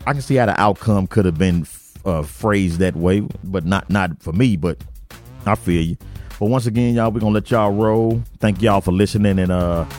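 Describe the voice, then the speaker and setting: A man's voice: deep voice, moderate pace, darkish tone, faint music behind. A man with a St. hosting a podcast from his basement, telling stories in a rambling, slangy way full of "man" and "y'all". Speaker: podcast host. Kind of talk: casual storytelling monologue.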